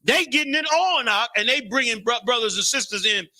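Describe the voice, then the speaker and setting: A man hosting a live talk show, talking with energetic, preacherly fervor and shouting out to guests. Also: extremely high pitch, brisk. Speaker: show host.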